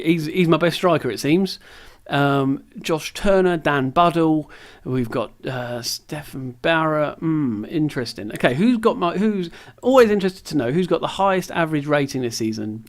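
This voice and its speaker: A young man chats loosely over a sports management game, wandering into jokey, self-deprecating asides. His voice sits a little on the high side for a man. It sounds like it was picked up on a camera's own mic at home. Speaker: gaming video creator. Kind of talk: casual let's-play commentary. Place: at home, sitting on the floor. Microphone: camera's built-in mic.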